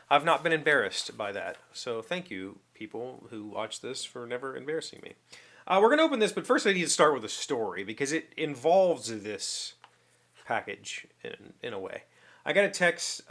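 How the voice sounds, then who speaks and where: A man's voice: medium pitch, a bit bright. A middle-aged man hosting his own show, chatting casually to camera and telling a story, acting out both sides of a phone call. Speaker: vlog host.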